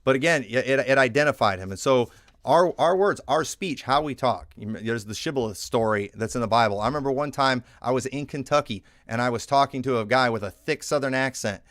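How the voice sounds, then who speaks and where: A man's voice: medium pitch, brisk, fairly bright tone, no room sound, studio quality. A man from the northern United States, a pastor preaching a conversational sermon with many fillers and restarts, reading scripture aloud now and then. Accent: northern American.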